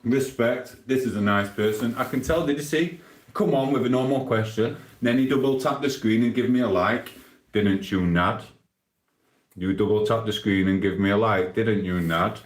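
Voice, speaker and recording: A man's voice: on the low side, normal speed, roomy sound. A man from England with a Sheffield accent, chatting casually on a live stream, reading viewer comments with rambling banter and laughs. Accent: Sheffield, Yorkshire.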